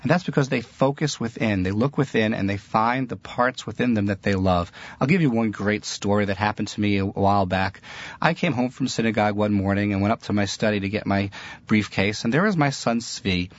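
A middle-aged man with a lowish voice speaks a little fast, giving a Jewish religious talk as a teacher. He's earnest and tells stories, with laughter slipping into his words, in a dull, lo-fi, dry recording.

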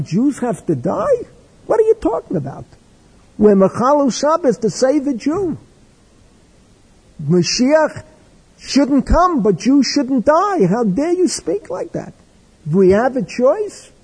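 A man voicing an old rabbi who protests in high, strained outrage, in a husky voice with long hall reverb. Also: mellow, heavily acted. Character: old male rabbi, indignant and impassioned.

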